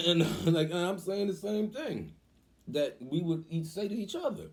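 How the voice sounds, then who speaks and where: A man casually telling a story on his vlog, animated and acting out the voices of people in it. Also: high voice, a little slow. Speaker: cooking vlogger.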